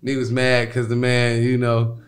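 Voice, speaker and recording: A man's voice: mid-range voice, monotone, measured pace. A man talking as a podcast guest in a loose, rambling way, filling gaps with "you know what I mean". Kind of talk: casual interview talk.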